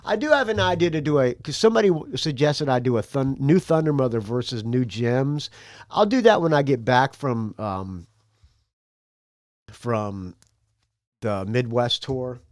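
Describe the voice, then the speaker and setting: A man's voice: medium pitch, expressive, a little slow, dry recording, studio quality. A man hosting a music podcast, chatting in a loose, rambling, laid-back way while sipping beer. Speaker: podcast host reading music news. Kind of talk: loose, rambling casual chat.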